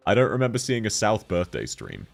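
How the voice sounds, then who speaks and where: A man's voice: lowish voice, huge pitch swings, moderate pace, gravelly. Guy streaming a game, goofy and laughy, super bouncy voice, bit of music in the back. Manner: joking, laughs often, reads chat aloud. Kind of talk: casual live-stream chat while gaming.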